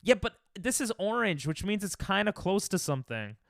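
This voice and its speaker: High-voiced and very animated, this young American streamer talks at a moderate pace with vocal fry and a slightly bright tone. While playing a geography guessing game, he thinks aloud and trash-talks his chat in casual live-stream banter, recorded in a clean studio with no echo.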